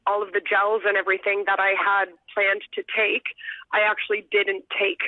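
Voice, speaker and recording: A woman's voice: mid-range voice, monotone, moderate pace, no room sound. A young adult woman, an elementary school teacher, telling a personal story in an earnest, heartfelt way as a guest over the phone. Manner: earnest, heartfelt, sometimes choked up. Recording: tinny phone line, dry.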